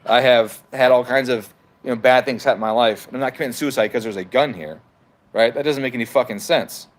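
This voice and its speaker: A man streaming from his home, reading viewer comments aloud and firing back at them. His talk is argumentative and full of swearing, in a mid-pitched voice. It is a loose, heated livestream rant. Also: fast talker. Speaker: livestream host reading chat.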